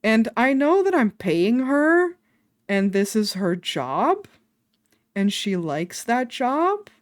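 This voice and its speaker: A woman streamer chatting casually on a live stream, self-deprecating and quick to laugh. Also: fairly high pitch, very animated, no echo, clean studio sound. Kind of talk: casual livestream chat.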